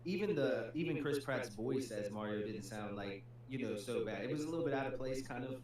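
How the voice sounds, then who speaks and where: Co-hosting a gaming livestream, an adult man with a young child chats loosely, peppering his speech with "dude" and "man." His medium-pitched voice is expressive, somewhat fast, and darkish in tone, recorded in an echoey room with a faint hum.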